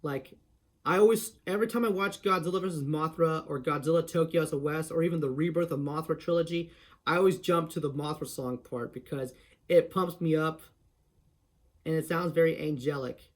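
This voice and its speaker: A man casually explaining how to do a voice impression, rambling, halting and eager, with many restarts. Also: a little high. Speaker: host of an impression tutorial. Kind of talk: casual tutorial talk.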